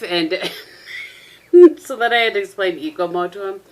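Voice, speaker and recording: A woman's voice: medium pitch, lively intonation, normal speed, pauses often. A middle-aged woman chatting casually to her camera at home, rambling through stories and laughing often. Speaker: vlogger. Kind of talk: casual vlog chat to camera. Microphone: camera propped on a tissue box.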